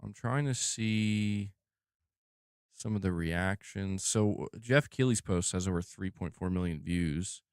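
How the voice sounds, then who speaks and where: A man's voice: low voice, slow pace, a little mellow, clear, resonant tone, no echo, clean studio sound. A man streaming live, commenting on gaming news in a casual, slang-heavy, profane way. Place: home room.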